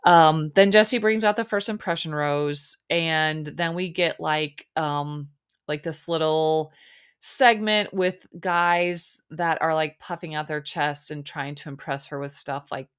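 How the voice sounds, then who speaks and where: A chatty middle-aged woman with a low voice hosts a podcast on her own, talking casually. She rambles along with plenty of fillers and sounds a bit sleepy. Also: slow, clean tone. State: sleepy, yawning. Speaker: podcast host recapping a reality show. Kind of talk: casual solo chat.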